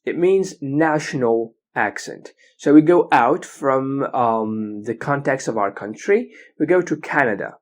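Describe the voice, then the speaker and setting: A man's voice: medium pitch, animated. Male teacher lecturing, patient, frequent "okay?" checks. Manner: explains slowly, often checking with "okay?". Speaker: English teacher. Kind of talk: recorded lecture.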